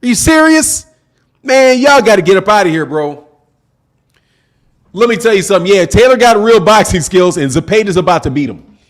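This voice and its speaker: High-voiced emphatic man ranting. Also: big pitch swings, moderate pace, pauses often. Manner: emphatic, repetitive, slangy, talks back to chat. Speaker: boxing channel host. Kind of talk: casual live-stream commentary.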